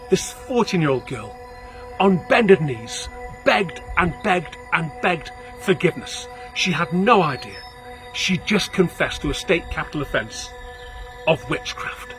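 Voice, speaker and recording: A man, a local guide telling a story on location outdoors, theatrical, shifting between hushed and loud. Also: fairly high pitch, big pitch swings, a little slow, soft background music. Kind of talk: dramatic storytelling.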